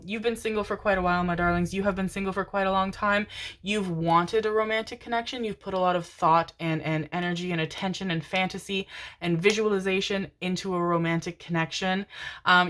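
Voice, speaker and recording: Low-voiced woman giving a tarot reading. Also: fairly bright tone. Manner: affectionate, swears casually, calls listeners darlings; repeats phrases, laughs often. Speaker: tarot reader. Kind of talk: pick-a-card tarot reading.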